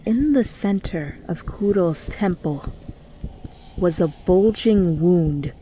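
A woman reading fanfiction aloud as a whispered role-play, telling the story softly over faint music. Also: on the low side, slight background noise. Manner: soft, slow storytelling. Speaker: fanfiction reader.

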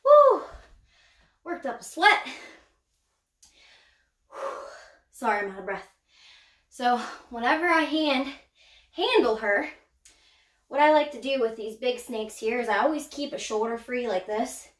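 A woman showing her pet snake in a casual vlog, chatty, laughing often and whooping with excitement. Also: a little high, normal speed. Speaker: snake keeper vlogger. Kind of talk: casual show-and-tell vlog. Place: indoors room by a snake enclosure. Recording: echoey room.

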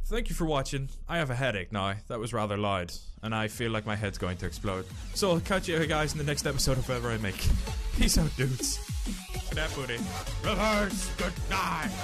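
A young man doing goofy, shouty let's-play commentary, laughing often. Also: a little high, expressive, normal speed, music in the background. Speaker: gamer.

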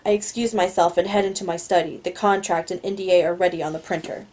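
A woman's voice: on the low side, steady tone, quick pace, a little mellow, rough recording. A woman reading a novel aloud, stumbling on words now and then and adding her own asides. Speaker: reader.

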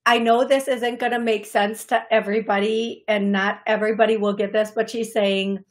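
A woman's voice: medium pitch, little pitch movement, moderate pace, few pauses. A woman hosting a live call-in psychic show, talking in an effusive, gushing way with many fillers. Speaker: psychic medium show host. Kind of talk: live call-in show, reading viewer messages. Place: studio.

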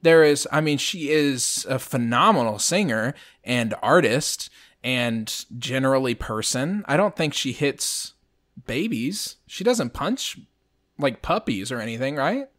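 Animated rambling man on a podcast. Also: mid-range voice, a little slow. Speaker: podcast co-host. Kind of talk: casual chat.

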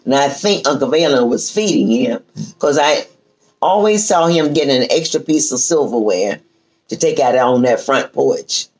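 In a rough recording, an older woman with a bass voice appears as a guest telling a family story in casual conversation. She is lively and drawn-out, acting out her relatives' quoted lines.

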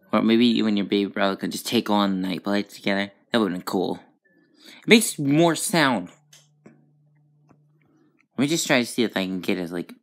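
A woman chats her way through a video game in casual commentary. Her voice sits unusually deep for a woman, yet it swings around with lively, animated pitch. She rambles and gets excitable, breaking into sudden high outbursts. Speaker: gaming channel host.

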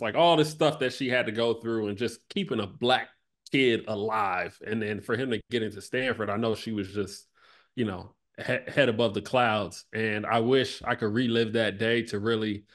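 Speaking at a normal speed, a man in his thirties who used to play basketball chats as a podcast guest in a reflective, conversational interview. His fairly low voice stays relaxed and loose, sprinkled with "like" and "you know," and it softly trails off as he reflects.

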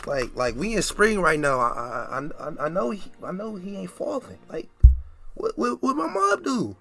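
A young man talks over his gameplay in a higher-than-usual, very lively voice that swoops up and down as he reacts. He sounds incredulous, stammers and repeats phrases, and faint lo-fi music plays underneath. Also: moderate pace, vocal fry. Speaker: gaming video creator. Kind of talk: casual gameplay commentary.

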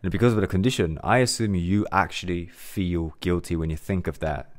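A man with a very low voice gives a motivational talk as a mindset coach. He speaks earnestly and with emphasis. He circles back on his own phrases and leans on fillers as he builds each point. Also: fairly quick.

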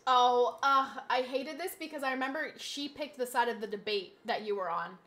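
A woman streaming a game, chatting casually with her audience, reading chat aloud and slipping into animated, mock-indignant rants. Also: a little high, normal speed. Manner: chatty, reads chat aloud, laughs easily. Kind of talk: casual live-stream chat while gaming.

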